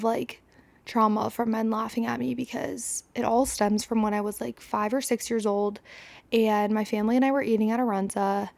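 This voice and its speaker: A woman's voice: on the high side, vocal fry, darkish tone, dry recording. A woman in her twenties hosting a podcast, telling a personal story in a chatty, rambling way full of fillers and self-deprecating asides. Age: 20s. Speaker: podcast host. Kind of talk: casual solo storytelling.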